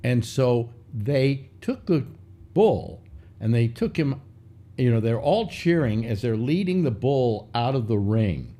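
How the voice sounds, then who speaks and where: A man's voice: medium pitch, big pitch swings, takes it slowly, dark tone. An older man hosting a casual chat show, rambling through a story with many restarts and fillers. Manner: meandering, restarts, mock voices in anecdotes. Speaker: show host.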